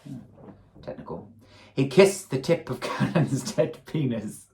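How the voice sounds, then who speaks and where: A man reads a comic story aloud in a mid-pitched voice. He breaks off now and then with wry comments. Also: animated, measured pace, vocal fry, a little mellow, rough recording. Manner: wry asides between narration. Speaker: story reader.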